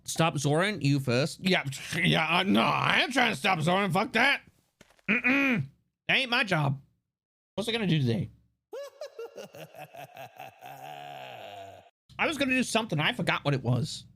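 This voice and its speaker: A male streamer chatting with viewers as he plays, rambling and playful, with the odd curse and plenty of laughs. His voice sits a little high and swings widely in pitch. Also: animated, normal speed, creaky, sharp tone. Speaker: live streamer. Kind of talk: casual live-stream chat while gaming.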